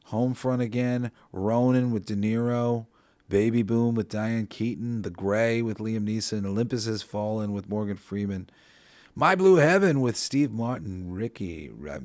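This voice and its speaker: A man's voice: deep voice, a little mellow, no echo. A man hosting a podcast in casual, rambling talk, swearing freely and thinking aloud with lots of fillers. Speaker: podcast host.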